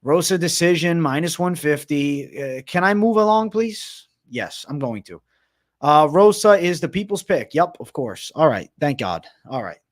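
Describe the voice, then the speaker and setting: A man's voice: a little high, lively intonation, normal speed. A young man hosting a live stream, ranting casually with lots of swearing and exasperation. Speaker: host of a live betting stream.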